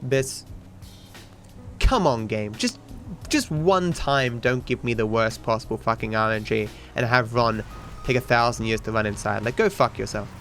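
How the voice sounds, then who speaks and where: Australian man, 20s, casual streamer chat, swears often, mid-pitched voice. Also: normal speed, fairly bright tone, faint music behind. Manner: rambling, sweary, talks to chat. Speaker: streamer and speedrunner. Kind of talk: casual chat while gaming.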